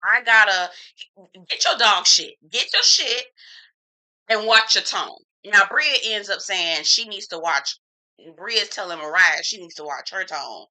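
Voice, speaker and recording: A woman's voice: medium pitch, lively intonation, unhurried, bright, forceful tone, poor audio. A woman giving a casual, opinionated recap of a reality TV episode, talking frankly with slang and strong opinions. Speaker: TV reviewer.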